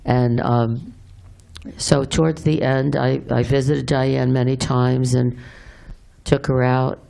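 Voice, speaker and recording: A middle-aged woman giving a heartfelt memorial speech for a friend, halting and tender, with many pauses and restarts. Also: extremely low pitch, flat delivery, vocal fry, warm tone.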